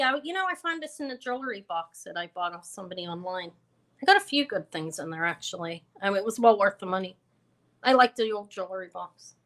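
A woman hosts a live online jewelry auction, chatting casually and rambling with fillers and self-corrections as she sells on the stream. Her voice is medium in pitch and a bit bright.

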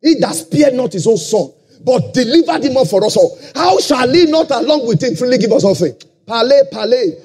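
A man with a Nigerian accent preaching a sermon, shouting key lines and lapsing into a sing-song cadence. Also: very high voice, sing-song, normal speed. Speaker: pastor. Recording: live conference hall.

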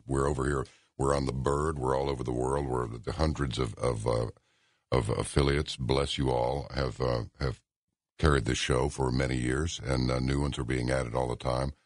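Super deep radio host guy, asks straight questions, dry studio sound. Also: steady tone, moderate pace, no room sound. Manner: probing, direct questions. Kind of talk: radio interview.

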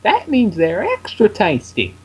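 A man's voice: wildly swooping pitch, a little slow, a little mellow, breathy edge, exaggerated voice. A man doing a chirpy little apple-selling filly. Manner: chirpy sales pitch.

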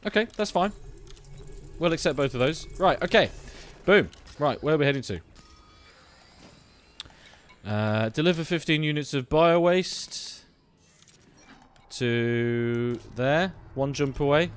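A man's voice: fairly high pitch, lively intonation, unhurried, pauses often, a little hiss or hum. A man chatting and joking casually while streaming a space game live, swearing now and then. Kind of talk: live gameplay commentary. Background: game music.

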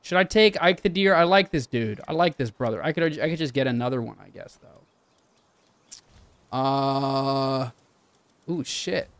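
A man's voice: mid-range voice, measured pace, pauses often, a bit bright, no echo. A young man chatting casually and swearing while he streams a game and talks to his chat. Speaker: livestreamer. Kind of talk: casual live game commentary.

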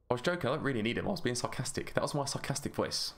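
A man's voice: medium pitch, lively intonation, fast, gravelly, fairly bright tone, slight background noise. A man hosting a gaming channel, chatting through gameplay in a rambling, self-mocking way. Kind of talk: casual gameplay commentary.

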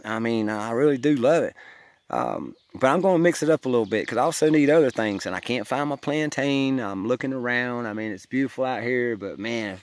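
A man chatting casually outdoors on a wooded trail, folksy and enthusiastic as he forages. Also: medium pitch. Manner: folksy, enthusiastic, keeps saying "y'all". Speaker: vlogger foraging on a hiking trail. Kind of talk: casual outdoor vlog chat.

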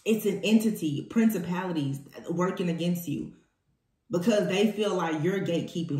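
A woman's voice: lowish voice, normal speed, warm tone. A woman giving a spoken tarot reading, emphatic and repeating her key phrases for weight. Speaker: tarot reader. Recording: echoey room.

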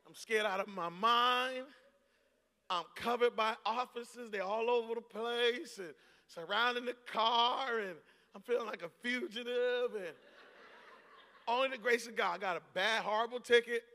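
A pastor in his forties preaching a sermon, telling a story and rising into shouts and laughter. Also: very high-pitched, moderate pace. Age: 40s. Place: large church hall. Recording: long hall reverb.

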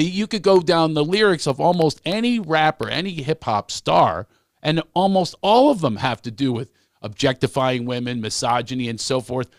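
A man's voice: on the high side, no room sound, studio quality. A man who is a comedian guest, ranting animatedly and repeating words when fired up. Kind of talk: animated podcast conversation.

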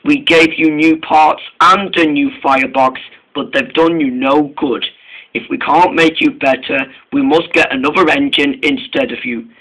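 A man voicing a stern, portly male railway boss, brisk and authoritative. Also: fairly high pitch, steady tone, bright, forceful tone, low-quality recording.

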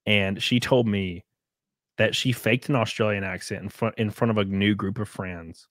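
A man's voice: fairly low pitch, steady tone, moderate pace, fairly bright tone, dry recording, clean studio sound. A man chatting casually on a podcast, telling blunt, crude stories. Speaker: podcast host.

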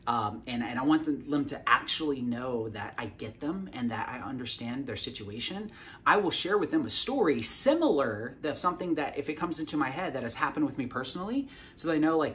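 Man, sales coach, casual teaching talk, mid pitch, checks in with "right?", restarts sentences, faint room hum. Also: animated, brisk, a bit bright. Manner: keeps checking in with "right?", frequent restarts and repeated words.

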